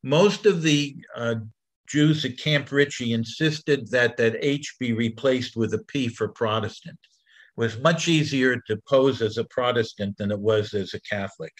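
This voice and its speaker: A man's voice: mid-range voice, poor audio. Older man telling history, hesitant. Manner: unhurried, hesitant, many filler sounds. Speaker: presenter of an education program. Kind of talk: lecture with slides, storytelling.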